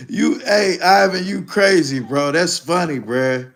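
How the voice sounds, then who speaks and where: Man on a livestream, gravelly, lively voice, profane and rambling, laughs a lot. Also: fairly high pitch, a little slow, few pauses. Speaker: livestream host. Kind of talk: casual livestream chat.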